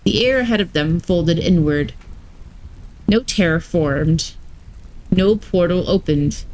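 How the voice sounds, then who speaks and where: A woman streamer reading a story aloud live, slow and measured, with brief asides to her chat. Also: on the low side, a little mellow, rough recording.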